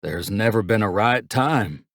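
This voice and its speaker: An older father drawls his words slowly in an audiobook, with a gritty, unhurried edge, as a man puts him on. The voice is pitched a little above the reader's own low tone. The sound is close and dry, with no room around it. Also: fairly bright tone, no room sound. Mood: hushed, sad. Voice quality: slow drawl. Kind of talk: audiobook character voice.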